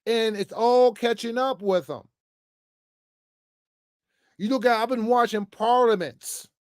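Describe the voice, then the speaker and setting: A man's voice: very high voice, slow, clean tone, dry recording, studio quality. A man giving an off-the-cuff political rant to camera, emphatic and repetitive, stammering often and ending phrases with "man". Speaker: political commentator vlogger.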